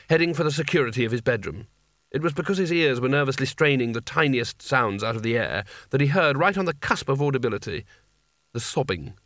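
A man's voice: mid-range voice, a bit bright, no echo. Man with a dry, close narrating voice. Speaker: audiobook narrator. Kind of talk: scripted narration.

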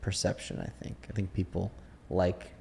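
A man's voice: deep voice, level tone, moderate pace, vocal fry, mellow. A man hosting a podcast, chatting casually and thinking aloud with lots of fillers. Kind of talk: casual chat.

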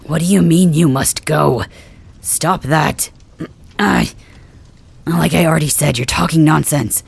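A performer takes on the role of a hurt, obstinate young male dragon king for an ASMR role-play, swearing brusquely and gruffly through the pain. The exaggerated mid-range delivery is unhurried, with no echo.

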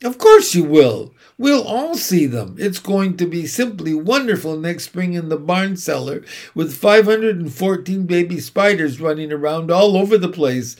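Storybook read-aloud: man voicing a high, earnest, innocent young pig, wide-eyed and eager. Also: animated, a little slow, hardly any pauses.

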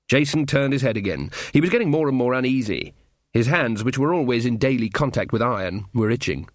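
A man's voice: medium pitch, animated, a little fast, dry recording. A man narrating an audiobook in a dry, wry storytelling manner. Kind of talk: scripted narration.

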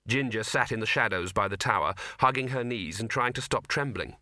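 A man reads a comic fantasy novel aloud with wry, expressive timing. His voice is bright and forward, and the studio sound is completely dry, with no room around it. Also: lowish voice, fairly quick, dry recording. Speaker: audiobook narrator. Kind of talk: scripted narration.

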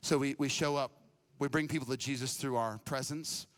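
A young adult man preaching a sermon as a pastor, telling a story in a casual, energetic way and often repeating words. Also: medium pitch, normal speed, clean tone. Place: church stage.

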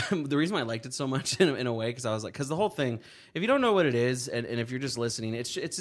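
A man's voice: mid-range voice, fairly bright tone. A young man co-hosting a casual podcast, rambling with lots of fillers and frequent laughs. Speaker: podcast co-host. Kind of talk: casual chat.

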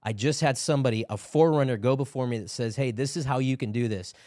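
A man's voice: medium pitch, fast talker, a little mellow, no echo. Earnest dude sharing his prayer testimony, ordinary mid voice, gets preachy, dry sound. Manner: earnest storytelling, building to preaching. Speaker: podcast guest. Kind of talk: testimony and exhortation.

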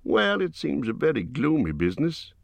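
Small fussy male hobbit, high-pitched, eager, shaky, read by a man. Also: huge pitch swings, moderate pace, vocal fry, dry recording, full character voice.

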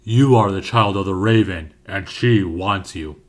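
A man voicing a huge, brutal male frost troll who speaks slowly with a booming voice. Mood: menacing. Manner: booming and slow.

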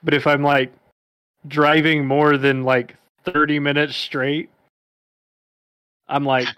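Higher-voiced rambling man. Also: little pitch movement, takes it slowly, a bit bright, clean tone, no room sound. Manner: rambling, filler-heavy, self-mocking. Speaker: podcast co-host. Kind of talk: casual chat.

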